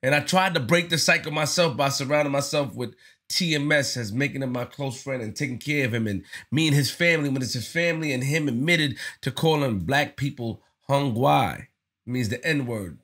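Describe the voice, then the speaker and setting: A man vlogging casual commentary straight to the camera. His voice sits at an ordinary middle pitch, and his delivery is earnest and full of street slang. He often repeats phrases as he works through what he wants to say. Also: normal speed, a bit bright.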